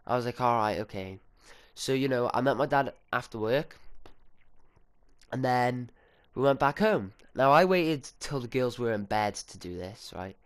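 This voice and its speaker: A man's voice: medium pitch, clean tone. A teenage boy, telling a story in a casual, rambling way, swearing and acting out what others said. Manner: sweary, chatty, full of fillers and quoted dialogue. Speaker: storytime vlogger.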